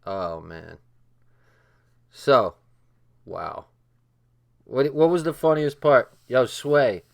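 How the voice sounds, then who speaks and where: A man's voice: medium pitch, drawn-out words, gravelly. An older man hosting a late-night livestream, laughing hard and swearing a lot as he reacts to a show. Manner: laughing, profane, excitable. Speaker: livestream host.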